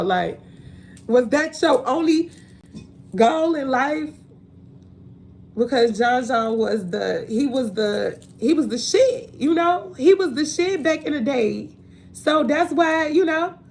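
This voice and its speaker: A woman's voice: sits high, slight background noise. A woman in her forties from Chicago with a Chicago accent, talking bluntly and laughing often in a casual livestream monologue. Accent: African American Chicago. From Chicago, USA. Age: 40s. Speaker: livestream host.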